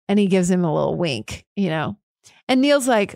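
A woman's voice: mid-range voice, moderate pace, vocal fry, a little mellow, dry recording. Woman podcast host, frank, fired up, swears casually, dry close sound. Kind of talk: candid solo talk.

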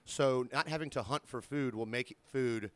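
A man's voice: medium pitch, a bit bright, dry recording. A man from coastal Georgia with a light Southern accent, co-hosting a podcast and telling joking stories in casual chat. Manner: fast-talking, joking storyteller. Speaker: podcast co-host.

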